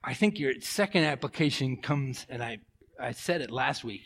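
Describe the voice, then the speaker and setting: A middle-aged male pastor preaching a sermon, telling stories with animated swings from loud to hushed. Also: medium pitch, moderate pace, gravelly, slightly rough. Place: church.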